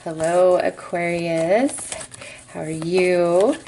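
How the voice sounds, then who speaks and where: A middle-aged woman with a notably low voice gives a daily tarot reading, speaking straight to her viewers. She is chatty and reassuring, and she fills her talk with "um"s and asides. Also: drawn-out words, mellow, slight background noise, poor audio. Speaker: tarot reader.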